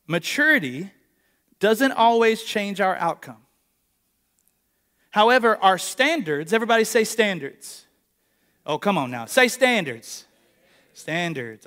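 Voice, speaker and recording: A man in his late thirties preaching a sermon at a live church service, telling a story with animation, short of breath from injured ribs. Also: high-pitched. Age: late 30s. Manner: storytelling, animated, calls for congregation response. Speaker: pastor.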